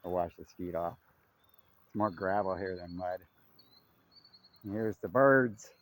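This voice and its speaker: Walking his dog on a river trail, a man with a low, slightly slow voice records a casual vlog. He chats easily and calls to the dog now and then. Faint outdoor sounds come through.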